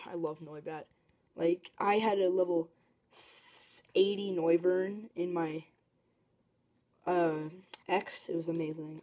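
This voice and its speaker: Excitable woman opening card packs. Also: fairly low pitch. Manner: excitable, chatty, bursts into shrieking excitement. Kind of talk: casual commentary while opening card packs.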